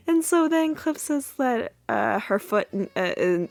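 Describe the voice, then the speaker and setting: A woman's voice: on the high side, expressive, takes it slowly, creaky, dry recording. A young woman podcast host recapping a sitcom episode in a chatty way, full of fillers and restarts. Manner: chatty, many fillers and restarts, laughs at own retelling.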